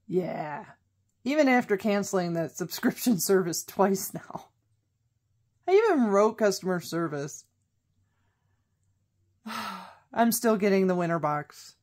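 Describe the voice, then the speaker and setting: A woman's voice: mid-range voice, animated, slow pace, long pauses, darkish tone. A woman vlogger in casual chat, rambling and correcting herself as she goes. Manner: rambling, self-correcting, chatty.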